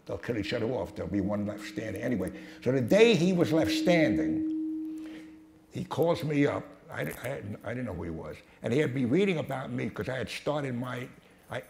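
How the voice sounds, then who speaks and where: An older man with a low, gravelly voice tells brash, profane stories in front of a crowd. He stumbles and restarts often. The sound is echoey and carries a faint hiss. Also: darkish tone. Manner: profane, blunt, with many restarts and stammers. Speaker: speaker at a talk. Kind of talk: anecdotal storytelling talk. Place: hall with a live audience. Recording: echoey hall with some noise.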